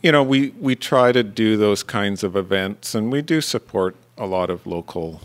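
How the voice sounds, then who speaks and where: A man, a guest on a radio interview, talking casually with many pauses and restarts. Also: lowish voice, lively intonation. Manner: hesitant, many fillers and restarts. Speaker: guest, cheese producer.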